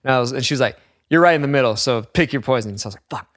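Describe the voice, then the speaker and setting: A man's voice: medium pitch, very fast, no echo, clean studio sound. A man co-hosting a casual podcast, telling a story with lots of swearing and acted-out quotes. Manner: animated storyteller, swears a lot, acts out quotes. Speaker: podcast co-host.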